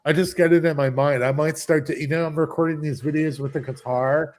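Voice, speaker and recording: A man with a slightly high voice talking on a casual live chat show. He is chatty and insistent and laughs easily. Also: fairly even intonation, fast.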